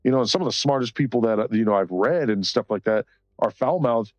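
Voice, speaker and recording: A man's voice: mid-range voice, lively intonation, quick pace, no echo, muffled recording. A man chatting casually on a live stream while coloring, rambling and cursing freely between short laughs.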